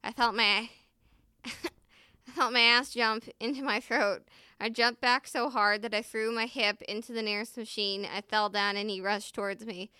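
Bright, smooth-voiced woman chatting freely. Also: fairly high pitch, fairly even intonation, normal speed, no room sound. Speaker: vlogger reading her own story. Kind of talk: casual chat, then reading a story aloud.

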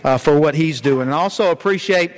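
A preacher delivers a folksy sermon with a high voice. He tells stories with frequent "uh" fillers. The sound lingers in a long church reverb. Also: a little fast. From Georgia, US. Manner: folksy storyteller, many "uh" fillers. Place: church sanctuary.

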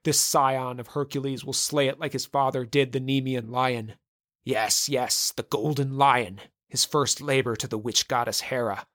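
A man's voice: medium pitch, steady tone, normal speed, fairly bright tone, dry recording, clean studio sound, natural voice. A man voicing a fearful Norse warrior who pleads with his king in a shaky voice. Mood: pleading.

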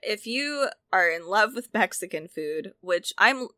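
An animated woman co-host talks cookbooks at a measured pace in a mid-range voice that sounds pushed and bright. Enthusiastic and chatty, she keeps correcting herself and starting over, and the recording has no room sound.

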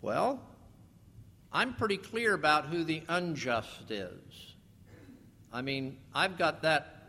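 A man preaching a sermon as pastor, animated, slowing down for scripture and putting questions to the congregation. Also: a little high, creaky. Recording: long reverb of a large hall.

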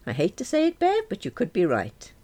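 A woman voicing a calm, mild-mannered female friend who speaks in a measured, dry way in a storybook reading. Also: mid-range voice, voice pushed up. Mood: wry.

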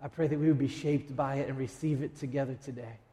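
A man preaching a sermon as a pastor, emphatic, with dramatic pauses and quick asides. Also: mid-range voice, fairly even intonation, warm tone, in a large hall. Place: church sanctuary.

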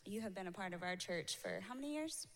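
A woman's voice: medium pitch, animated, fast talker, a bit bright. Woman emcee, upbeat and friendly, church event, echoey hall. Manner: friendly, upbeat, laughs lightly. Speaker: event host. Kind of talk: introducing speakers. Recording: long hall reverb.

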